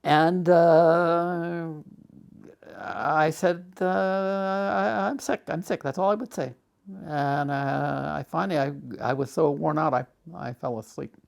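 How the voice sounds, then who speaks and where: An older man in a documentary interview, telling a personal story with halting restarts and rising agitation. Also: a little high, steady tone, vocal fry.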